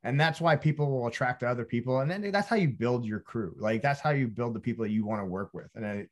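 A man's voice: medium pitch, lively intonation, fast talker. Rambling male podcast host. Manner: rambling, leans heavily on "like". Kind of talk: casual podcast interview.

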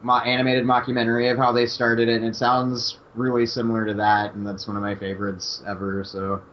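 A man's voice: mid-range voice, level tone, fairly quick, fairly bright tone. Male podcast host, easygoing and rambling, muffled lo-fi recording. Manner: loose, laughing, filler-heavy. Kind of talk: casual chat. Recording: dull lo-fi podcast audio.

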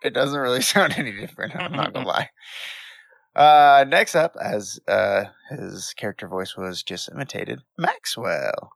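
A man's voice: medium pitch, expressive, moderate pace, creaky, few pauses, a bit bright, no echo. A man hosting a casual podcast, introducing players with playful jokes and laughing asides. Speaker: host.

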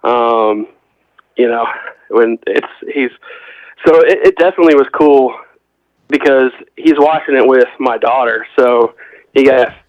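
A man's voice: medium pitch, unhurried, long pauses, no room sound. Casual male podcast co-host, rambling storyteller, muffled dry mic. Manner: rambling storyteller, acts out quotes. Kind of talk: casual chat. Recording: dull, dry lo-fi sound.

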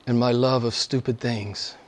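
A man preaching a sermon and praying to a live congregation, earnest, slowing down and stretching key words for emphasis. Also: medium pitch, steady tone, a little hiss or hum.

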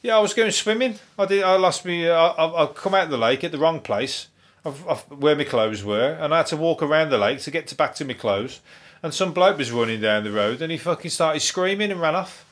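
A man voicing a scruffy naked man mistaken for Bigfoot, complaining in a high, indignant ramble. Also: animated, brisk, fairly bright tone.

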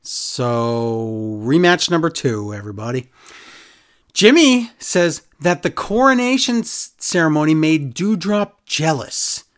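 A man's voice: fairly high pitch, sing-song, slow pace, a bit bright. Sarcastic man recapping wrestling. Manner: sarcastic, exasperated. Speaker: podcast co-host. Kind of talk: casual wrestling recap chat.

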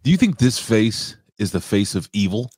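A man's voice: fairly low pitch, big pitch swings, normal speed, a little mellow, no room sound, studio quality. A man co-hosting a talk show, chatting casually and swearing bluntly. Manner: profane, blunt. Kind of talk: casual chat.

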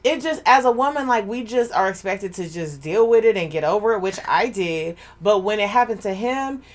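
A woman co-hosts a laid-back podcast conversation. She tells a personal story openly and without fuss. Her voice sits at an ordinary middle pitch. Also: expressive, moderate pace. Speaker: podcast co-host. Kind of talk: casual chat.

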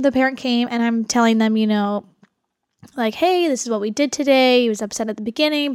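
Woman, speech therapist, casual animated storytelling, highish voice, dry close sound. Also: clean tone, no room sound. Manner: animated storytelling with quoted dialogue. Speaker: speech therapist, podcast co-host. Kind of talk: casual chat.

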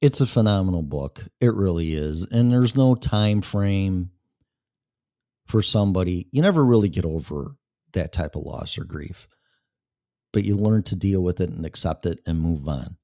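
Deep-voiced, blunt male show host. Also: lively intonation, moderate pace, dark tone, no echo, clean studio sound. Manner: blunt, profane, talks straight to a listener. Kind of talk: casual talk to listeners.

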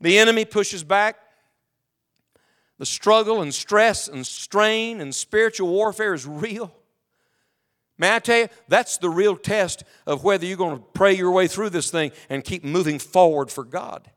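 This male pastor speaks a little slowly in a high, fairly bright voice. He reads King James scripture aloud to the congregation in the sanctuary and directs emphatic questions at them.

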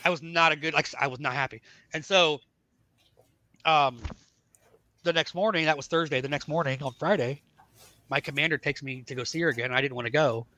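A middle-aged podcast guest recounts his life story in a relaxed chat, voicing the people in it with lively impressions. His voice sits a little high, his delivery is brisk with frequent pauses, and there's no echo.

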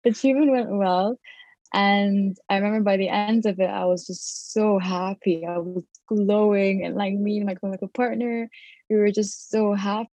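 A woman's voice: mid-range voice, steady tone, normal speed, dark tone, no echo. Chatty young woman telling a story. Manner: chatty, lots of fillers and quoted thoughts. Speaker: dental student. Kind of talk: casual storytelling chat.

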